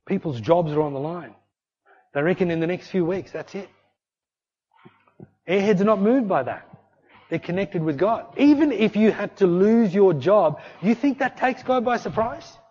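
A man preaching in a loose, conversational style, his voice sitting a little high for a man. He slips into quick acted voices as he tells stories. The recording sounds dull and lo-fi. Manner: conversational, animated, acts out voices in anecdotes. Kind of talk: sermon.

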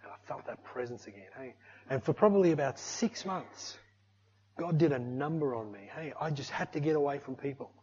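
A man's voice: medium pitch, expressive, fairly quick, warm tone, husky, highs cut off. An Australian man giving a personal testimony, telling a conversational story that builds into emotional exclamations.

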